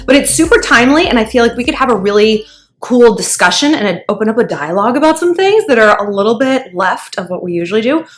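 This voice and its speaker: A woman's voice: fairly high pitch, fairly bright tone. Gossipy, chatty woman vlogger. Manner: gossipy, chatty, heavy use of filler likes. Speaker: dating advice vlogger. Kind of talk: casual vlog chat.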